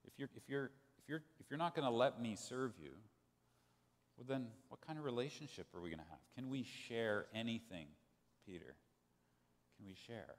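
A man preaching a sermon as pastor, telling a story in an animated way and acting out the quoted voices. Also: mid-range voice, normal speed. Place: church sanctuary. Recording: long church hall reverb.

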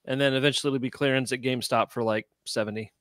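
Bright-voiced laughing male co-host. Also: mid-range voice, rapid-fire, clear, resonant tone, dry recording, clean studio sound. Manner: relaxed, laughs often, trails off. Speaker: podcast co-host. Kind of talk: casual chat.

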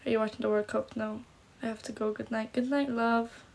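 A woman's voice: on the high side, little pitch movement, a little fast, gravelly. A young woman with Polish parents who lives in Ireland, chatting casually on a phone livestream, reading comments and fretting with lots of "like". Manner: chatty, self-conscious, lots of "like". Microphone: phone camera.

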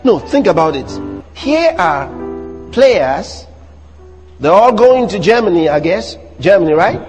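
A man with a Nigerian accent preaching a sermon in church, animated and teasing the congregation. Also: high voice, measured pace, in a large hall. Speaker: pastor. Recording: music playing behind the sermon.

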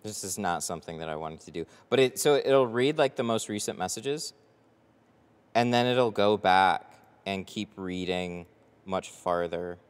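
A window tint installer streams live, chatting loosely with viewers in a rambling way full of fillers. His fairly low voice is unhurried and smooth, picked up by a headset, with long reverb trailing off like in a tint workshop.

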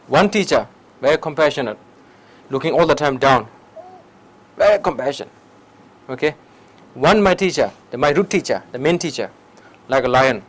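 A man's voice: mid-range voice, normal speed, rough recording. A man with a Tibetan accent giving a public meditation talk in broken English, telling stories and often checking in with "okay?". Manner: broken English, lively storytelling, frequent "okay?". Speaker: meditation teacher. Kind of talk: public dharma talk with questions. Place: lecture hall.

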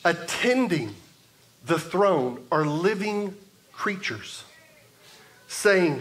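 A man preaching a sermon as pastor, in a measured way, building emphasis through repetition. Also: high-pitched, expressive, a bit bright. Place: church sanctuary.

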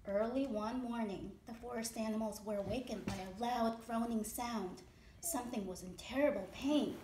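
A woman with a high, bright voice reads a children's picture book aloud, giving each sentence an animated, expressive lift. She is recorded at home in an echoey room with a faint hiss behind her. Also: normal speed. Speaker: mother reading aloud. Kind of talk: children's story read-aloud.

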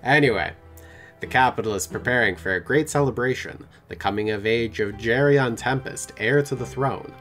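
Brief: male let's-play host, mid-pitched, playful narration of a story game. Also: a bit bright, faint music behind. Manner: playful, quick to laugh. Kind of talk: narrating a text game with casual banter.

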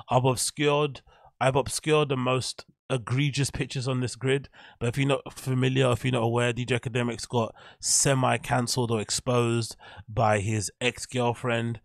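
A man's voice: mid-range voice, creaky, dry recording, clean studio sound. A man hosting a podcast, giving rambling, blunt commentary while clicking through pictures. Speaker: podcast host. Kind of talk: casual commentary on a screen grid.

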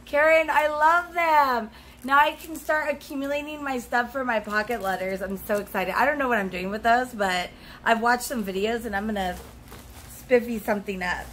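A young woman vlogger opens her mail on camera at home, gushing with gasps and squeals in a casual unboxing chat. Her voice is on the high side and fairly bright, at a moderate pace, on a low-quality recording with a little hiss or hum.

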